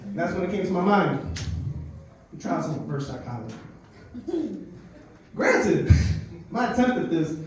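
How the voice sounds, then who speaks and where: High-voiced comedian in an echoey club. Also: male voice, a little slow, pauses often, recorded from a distance, slight background noise. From Dominican heritage. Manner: animated storytelling with crowd work, profane. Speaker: stand-up comedian. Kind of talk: stand-up comedy set.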